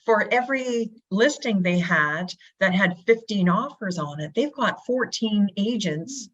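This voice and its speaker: A woman speaking as a guest in an interview, energetic, asking rhetorical questions and acting out quotes. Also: mid-range voice, a little slow. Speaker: real estate brokerage guest. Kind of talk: animated interview talk. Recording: dull lo-fi audio.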